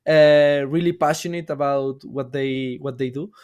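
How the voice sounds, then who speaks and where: A man speaking as a guest on a podcast, halting and often repeating his words. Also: mid-range voice, steady tone, a little mellow, clear, resonant tone, muffled recording. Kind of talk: casual chat.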